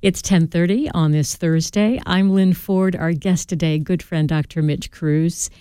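A woman hosting a live call-in radio show, announcing smoothly and reading listener texts. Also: fairly low pitch, measured pace, dark tone, dry recording. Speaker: radio host.

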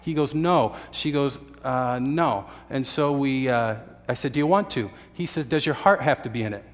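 A man's voice: medium pitch, normal speed, big-room sound. A man preaching a sermon, telling a story earnestly with uhs and restarts. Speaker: pastor.

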